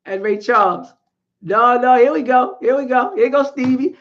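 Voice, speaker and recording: A woman hosting a live stream, chatting with viewers and talking through history in a casual, animated way. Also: on the high side, moderate pace, lo-fi sound.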